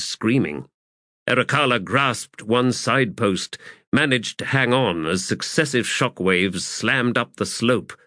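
Male narrator, low voice, measured delivery, dry close recording. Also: fairly bright tone, no room sound. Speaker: audiobook narrator. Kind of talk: scripted narration.

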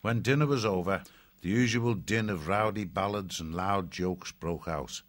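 A man narrating an audiobook in a steady, descriptive way. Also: low-pitched, normal speed.

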